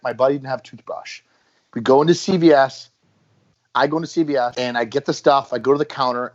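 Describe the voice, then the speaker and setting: A man telling stories in a casual podcast chat, animated and acting out what people said. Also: medium pitch. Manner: storytelling, animated, acts out quotes. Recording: dull lo-fi podcast audio.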